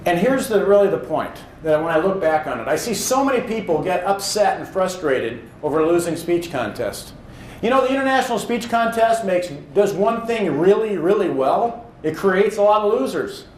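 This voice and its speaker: A man who speaks professionally tells a motivational story about his own career in an earnest, animated way, now and then acting out his own thoughts. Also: high-pitched, moderate pace, reverberant, slight background noise, poor audio.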